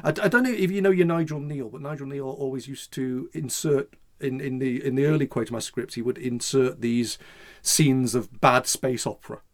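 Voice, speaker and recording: A man chats casually as a podcast co-host. He rambles and restarts his sentences, filling gaps with "you know" and "I mean," in a voice of middling pitch. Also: steady tone, moderate pace. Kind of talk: casual chat.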